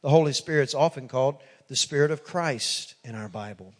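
A man's voice: mid-range voice, fairly quick. A man preaching a sermon as a pastor, emphatic and repetitive as he builds his points and retells conversations. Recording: echoey church hall.

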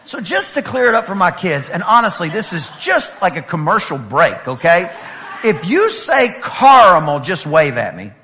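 East texas preacher guy, high voice that swoops all over, jokey stories in a sermon. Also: moderate pace. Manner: animated, playful storytelling with laughs and shouts. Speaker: pastor.

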